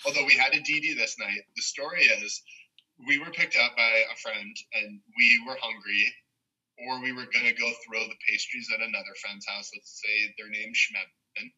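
Young guy rambling thru a story, laughs a lot, bright husky voice. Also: medium pitch, fairly even intonation, normal speed. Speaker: podcast co-host. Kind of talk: casual chat. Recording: dull lo-fi sound.

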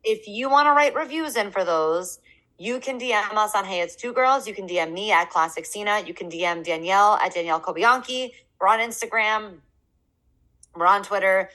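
A woman's voice: mid-range voice, moderate pace, a bit bright, low-quality recording. A young adult woman co-hosting a casual podcast, chatting loosely and joking around while sipping beer. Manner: chatty, drinking beer while talking, jokes around with accents. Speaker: podcast co-host. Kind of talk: casual chat.

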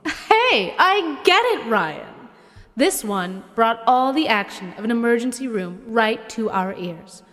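A woman's voice: on the high side, sing-song, slow pace, a bit bright, long reverb tail, heavily acted. A woman playing a gushing, over-the-top female awards-show co-host.

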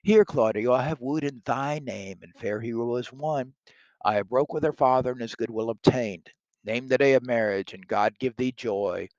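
A man's voice: mid-range voice, normal speed, a little mellow, no room sound, highs cut off, pitched above the performer's own voice, natural voice. A man reading a genial matchmaking prince.

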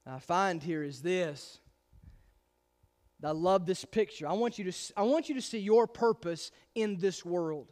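A pastor preaching a sermon with emphatic, insistent delivery and frequent repeated restarts. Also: male voice, high voice, animated, moderate pace.

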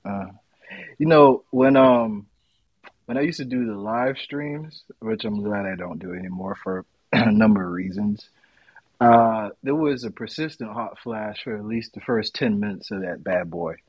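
A man co-hosting a podcast in casual, candid chat, with a deep radio voice and laughing asides. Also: unhurried, breathy edge, dry recording, highs cut off. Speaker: podcast co-host.

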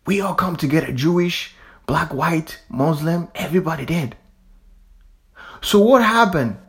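A man's voice: on the high side, animated, measured pace, vocal fry, a bit bright. A man from Africa giving a fervent, repetitive monologue, swearing casually as he preaches. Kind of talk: impassioned monologue.

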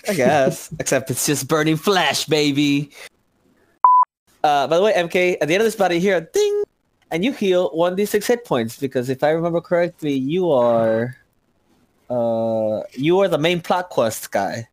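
A man playing a tabletop game over a podcast mic, playful and quick to laugh. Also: a little high, expressive, dry recording. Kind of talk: casual tabletop game play.

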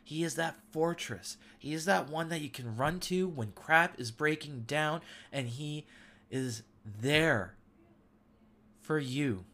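A man's voice: fairly high pitch, slow, sharp tone. Earnest man giving devotional talk. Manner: earnest, emotional testimony. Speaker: podcast host.

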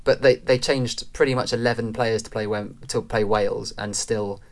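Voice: mid-range voice, steady tone, moderate pace. A podcast co-host arguing football points with animation and quoting fans in mock voices. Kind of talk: casual football podcast chat.

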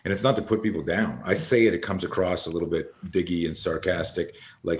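A man's voice: sits low, fairly even intonation, fast, hardly any pauses. A man hosting a podcast, talking through ideas reflectively in casual chat. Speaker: podcast host.

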